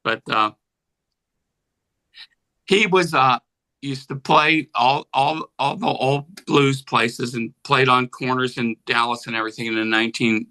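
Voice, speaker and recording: Bright-voiced older man telling stories. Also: mid-range voice, measured pace, rough recording. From Pennsylvania, USA. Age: 70s. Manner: rambling anecdotes, acts out voices in quotes. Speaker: guest musician. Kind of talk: casual storytelling interview.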